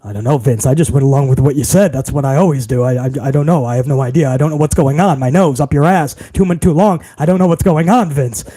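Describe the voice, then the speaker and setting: A man doing an impression of a dim, fawning middle-aged son-in-law with a deliberately deeper, stammering voice. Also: dark tone, close to an everyday voice.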